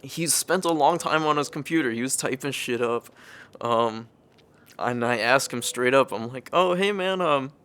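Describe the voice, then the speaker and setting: A man's voice: medium pitch, steady tone, moderate pace, a bit bright, clear, resonant tone. Laid-back young man from California. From California, United States. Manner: laid-back, profane, laughs often while telling the story. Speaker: vlogger. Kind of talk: casual storytelling.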